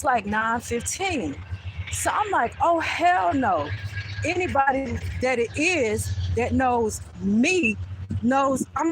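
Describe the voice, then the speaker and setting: Walking along a street, a woman vlogger with a slightly high voice vents a story into her phone, animated, blunt, and swearing freely. The recording is low quality, with a faint hum of passing cars beneath her.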